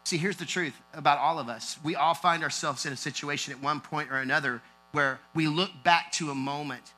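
A man preaching a sermon in a church, talking earnestly and building to emphatic, drawn-out stresses. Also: on the high side, pushed and bright, faint music behind, rough recording. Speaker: pastor.

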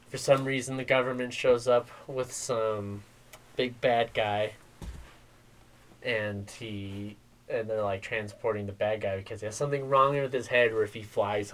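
A man's voice: mid-range voice, fairly even intonation, normal speed, slight background noise. A man on a podcast, casually recapping a bad movie, rambling and retelling scenes. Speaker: podcast co-host. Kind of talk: casual movie review chat.

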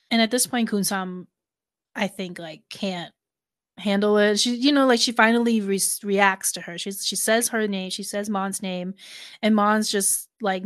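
A woman's voice: medium pitch, normal speed, no echo, clean studio sound. A woman in casual reaction chat, recapping a series scene with lots of laughter and "like" fillers. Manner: animated, laughing often, many "like" fillers. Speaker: co-host of a reaction show.

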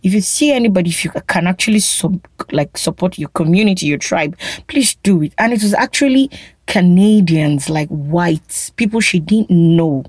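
A woman, co-hosting a casual chat and telling stories in an animated way. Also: fairly low pitch, normal speed, slightly rough, dry recording. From Nigeria. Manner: animated storytelling, quotes others in mocking voices. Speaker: podcast co-host.

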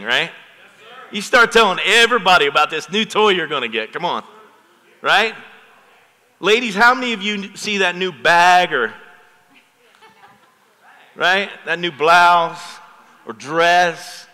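A middle-aged male pastor preaching to his congregation, his voice bright and forceful and a little higher than most men's. He keeps pulling the room in with call-and-response asides. The sound carries a long reverb from the church hall. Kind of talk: sermon. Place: church sanctuary.

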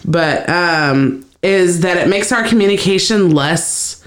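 A woman's voice: on the low side, lively intonation, slow pace. Rambling, reflective woman podcaster. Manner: rambling, reflective, many fillers. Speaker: podcast co-host. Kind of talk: casual chat.

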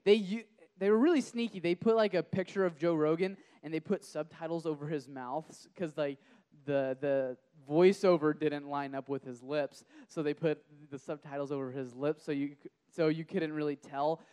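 A young man preaches in a relaxed, conversational way, his voice high and smooth. He restarts his sentences often and stays animated as he talks a group through scripture. The sound is dry and close, with almost no room around it. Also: normal speed, dry recording. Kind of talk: casual sermon to a group.

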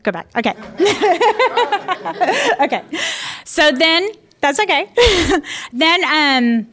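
A woman's voice: on the high side, a bit bright, no echo. A young adult woman telling a personal story to an audience, candid, with frequent laughs and fillers. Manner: candid, laughs often, many fillers and restarts. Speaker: speaker sharing a personal testimony. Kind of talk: personal storytelling talk with slides.

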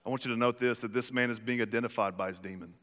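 A man preaching a sermon, animated and jokey. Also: medium pitch, rapid-fire. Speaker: pastor. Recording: echoey hall reverb.

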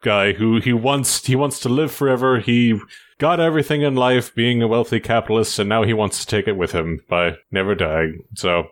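A man co-hosting a casual film podcast, measured and agreeable. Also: fairly low pitch. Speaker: podcast co-host. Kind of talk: casual podcast chat about films.

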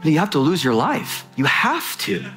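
With wildly swooping pitch, a man preaches fervently, lurching between loud urgency and quiet intensity, rushing in bursts and restarting again and again. Soft music runs behind him.

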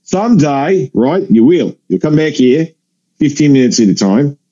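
A man voicing a blunt older Australian cruise regular with an Australian accent, gruff and lecturing. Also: a little high, very animated, normal speed, mellow, lo-fi sound, voice pushed up.

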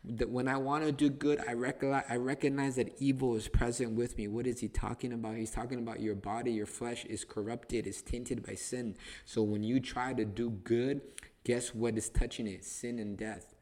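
A man's voice: mid-range voice, steady tone, moderate pace, a little mellow. A man hosting a podcast, teaching the Bible in casual conversation, emphatic and repetitive, restarting phrases to stress them.

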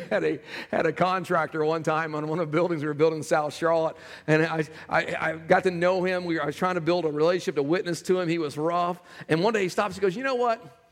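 Pastor preaching in a reverberant church. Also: male voice, on the high side, steady tone, fast, hardly any pauses. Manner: conversational preaching, swings from loud to hushed. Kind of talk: sermon. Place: church sanctuary. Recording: long hall reverb with music behind.

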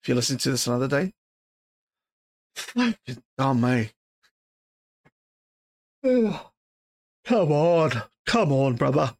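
A man's voice: medium pitch, sing-song, moderate pace, long pauses. A tired man hosting his podcast alone, rambling casually with lots of fillers and swearing. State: tired, yawning late at night. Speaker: podcast host. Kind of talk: casual solo podcast chat.

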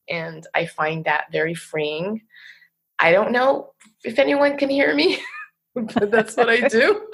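A woman with a New Jersey accent, a poet and teacher, talking thoughtfully in an interview and laughing softly now and then. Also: fairly low pitch, slightly rough. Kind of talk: reflective interview conversation.

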